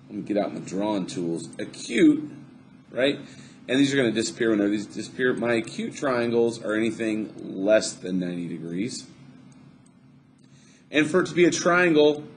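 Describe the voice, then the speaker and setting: With a mid-range voice and a slight hiss or hum in the background, a man records a math lesson. He stays upbeat and chatty, cracking jokes to himself while drawing on screen.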